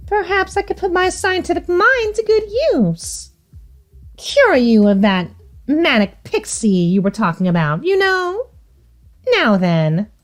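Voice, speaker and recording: A woman VTuber playing a visual novel and commenting in a theatrical, teasing, prim manner. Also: very high voice. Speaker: VTuber game streamer.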